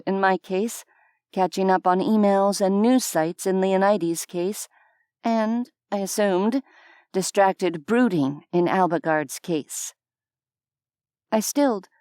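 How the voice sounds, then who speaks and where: A woman narrating a scripted audiobook in an unhurried, even storytelling manner on a close studio mic. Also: medium pitch, smooth, dry recording.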